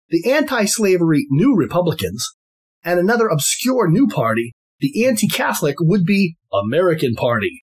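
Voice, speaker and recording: Husky-voiced man with a lively, emphatic delivery. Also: fairly high pitch. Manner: deliberate, emphatic, formal. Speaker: podcast host. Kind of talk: scripted podcast monologue.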